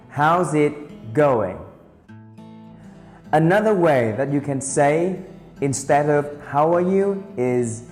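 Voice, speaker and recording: A man teaching beginner English, speaking slowly and carefully and repeating each phrase for drilling. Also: medium pitch. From Vietnam. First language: Vietnamese. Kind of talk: beginner language lesson. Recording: roomy reverberant sound with soft guitar music.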